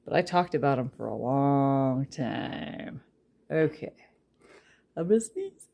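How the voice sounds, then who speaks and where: Low-pitched lady doing a tarot reading, slow and rambly, bit of a southern drawl. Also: expressive, creaky, warm tone. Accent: slips into a Southern drawl. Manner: chatty, rambling, giggly. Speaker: tarot reader.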